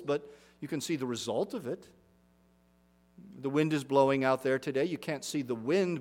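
A man's voice: mid-range voice, a little mellow. A middle-aged man, a pastor, preaching a sermon in an earnest, emphatic way, repeating phrases for weight.

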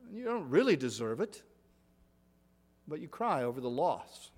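A middle-aged man preaching a sermon in an earnest, measured way, often softening at the ends of phrases and restarting with an occasional "uh". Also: a little high, big pitch swings. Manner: repeats words and restarts with uh.

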